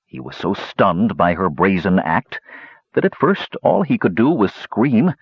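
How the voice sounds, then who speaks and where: A man reading a fantasy story aloud with expressive storybook narration. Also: sits low, unhurried, husky, dry recording. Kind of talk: audiobook narration. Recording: dull lo-fi recording.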